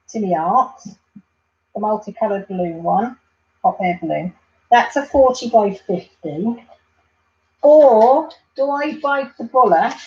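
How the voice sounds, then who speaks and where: A woman's voice: mid-range voice, a little mellow, muffled recording, slight background noise. A woman hosting a casual craft livestream, chatting and reading out viewer comments. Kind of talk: casual live chat while crafting.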